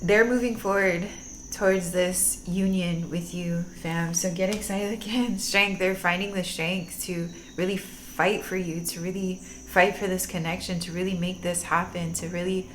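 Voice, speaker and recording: A woman's voice: fairly low pitch, fairly even intonation, a little slow, slight background noise. A woman giving a casual tarot reading, gushing and teary-eyed, laughing often and using slang. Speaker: tarot reader.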